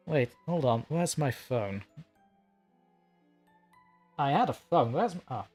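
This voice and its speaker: Male streamer, casual and giggly, middle pitch, faint music behind. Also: lively intonation, a little slow, pauses often, darkish tone. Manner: scattered, self-mocking, giggly, chatty. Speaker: streamer, horror story narrator. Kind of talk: casual live-stream chat.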